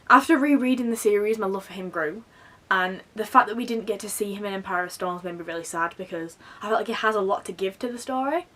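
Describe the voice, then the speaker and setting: A woman's voice: mid-range voice, recorded from a distance. Gushing young woman book vlogger. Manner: gushing, excitable, lots of fillers. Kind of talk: casual chat to camera.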